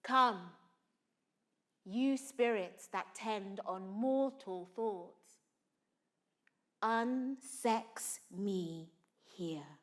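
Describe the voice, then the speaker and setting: A woman performing Lady Macbeth, a ruthless noblewoman calling on dark spirits, in a slow, intense Shakespearean monologue with hushed whispered phrases. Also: mid-range voice, voice pushed down.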